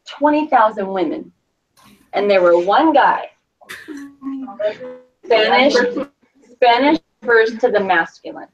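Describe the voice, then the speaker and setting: A woman teaching a Spanish class, explaining in a chatty way and checking in with the class with frequent "okay?". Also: mid-range voice. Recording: distant, dull lo-fi classroom recording.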